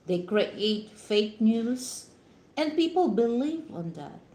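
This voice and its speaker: Slow-talking Filipino woman vlogger. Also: fairly high pitch, sing-song, mellow. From Philippines. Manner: advising, heavy "you know" fillers. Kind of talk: casual live-stream talk to viewers. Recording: echoey room.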